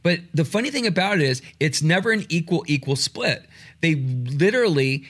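A man co-hosting a podcast with his wife, telling family stories in a relaxed, easygoing way. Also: on the high side, brisk. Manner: relaxed storytelling with fillers. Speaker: podcast co-host. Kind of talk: casual chat with wife.

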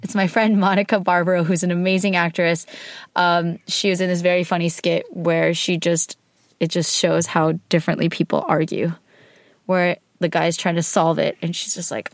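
Co-host, female, low-ish voice, expressive and candid, dry close sound. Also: normal speed, no room sound. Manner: expressive and candid, acts out her own outbursts. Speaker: podcast co-host talking with her partner. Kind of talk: casual chat.

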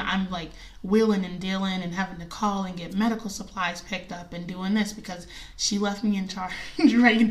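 A woman's voice: on the low side, a bit bright, distant mic. A woman in her thirties telling a personal story in casual talk, chatty and emotional, with many fillers and frequent laughs.

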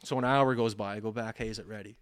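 A man's voice: on the low side, fast talker, clean tone, no room sound. A man in his thirties telling a long story on a podcast, acting out each side of the conversations. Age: 30s. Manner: animated, acts out quoted dialogue. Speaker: podcast co-host. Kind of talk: casual storytelling chat.

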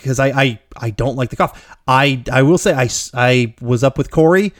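A man's voice: medium pitch, normal speed. A man co-hosting a podcast, walking through a film scene by scene in a loose, rambling way. He swears casually and laughs often. His voice sits in a middle register and the sound is close and dry, with no room echo. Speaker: podcast co-host. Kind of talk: casual movie recap chat.

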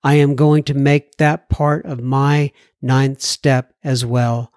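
A man's voice: mid-range voice, steady tone, slow pace, a little mellow, clean tone, no room sound, studio quality. A man hosting a recovery podcast, reading listener mail with folksy asides, little jokes and frequent ums and self-corrections. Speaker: podcast host.

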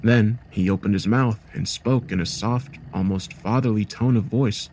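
A man reading a first-person horror story aloud in a steady, measured storytelling manner. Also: fairly low pitch, a little hiss or hum. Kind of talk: scripted horror story narration.

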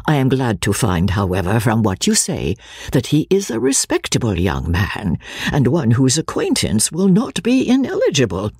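A woman voicing a calm, good-humoured middle-aged mother who speaks in a gentle, measured way. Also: rumbling low, slightly rough, dry recording, studio quality, heavily acted.

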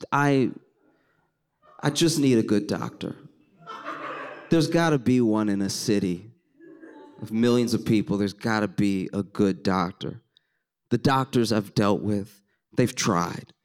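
A man from Louisiana telling a comic story on stage to a live audience, animated and wry, talking straight to the crowd. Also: fairly low pitch.

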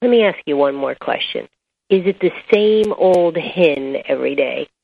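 A woman voicing a dry, wry older male president in a story she tells, low-key and in her own voice. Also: lively intonation, moderate pace, vocal fry. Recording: dull lo-fi recording.

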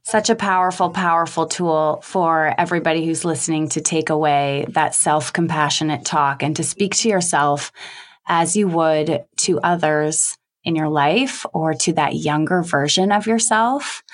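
Encouraging woman podcast host, lower voice. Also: unhurried. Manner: encouraging, affirming interviewer. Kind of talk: interview podcast.

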